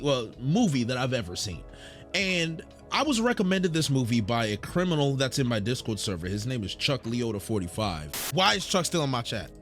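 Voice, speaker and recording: A young man reviewing an anime film with loud, dramatic outbursts and shouting, talking as an excitable streamer. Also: medium pitch, moderate pace, music in the background, crowd noise.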